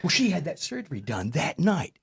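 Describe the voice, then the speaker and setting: A man, a stand-up comedian, telling stories and jokes in casual chat, animated and jumping into high voices to quote people. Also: fairly quick, gravelly, breathy edge. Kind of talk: casual storytelling with joke routine.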